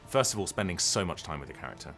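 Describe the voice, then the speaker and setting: Deep-voiced guy streaming a game, lots of ums, soft music under it. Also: animated, very fast. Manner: rambling, hesitant, many ums and restarts. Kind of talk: casual live-stream chat.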